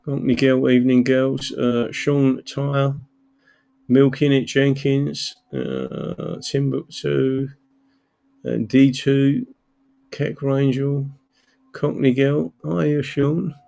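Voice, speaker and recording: A man's voice: medium pitch, slow, gravelly, mellow. A tired man from England hosting a casual livestream, greeting viewers by name and rambling with many fillers. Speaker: livestream host. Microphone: computer mic, camera off.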